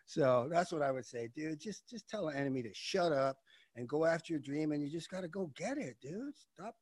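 A middle-aged man, an actor and coach, giving impassioned motivational talk as a guest, swinging from loud urging to hushed intensity. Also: on the high side, expressive, normal speed, no echo, studio quality.

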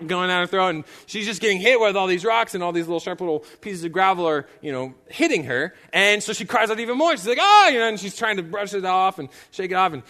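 A man's voice: high voice, sharp tone. A young male pastor preaching a sermon, telling a story casually with frequent fillers. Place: church sanctuary. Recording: long church reverb.

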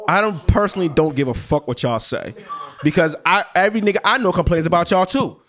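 Blunt podcast co-host, slightly high voice, very lively pitch, argues hard and curses freely. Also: male voice, quick pace. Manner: blunt, swearing, talks over others. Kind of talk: heated casual podcast debate.

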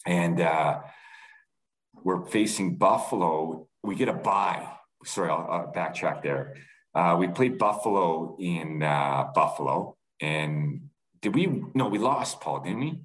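A middle-aged man from Canada, a former athlete, telling a rambling, animated story on a podcast. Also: low voice, takes it slowly, low-quality recording. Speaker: former pro lacrosse player, guest.

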